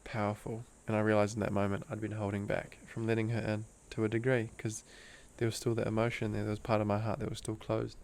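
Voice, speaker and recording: Guesting on the show, a breathwork teacher from Australia shares a personal story in relaxed slang, addressing the host as "bro," sincere and emotional enough to slip into hushed softness. He talks fast with a fairly low, creaky, completely flat voice and hardly any pauses.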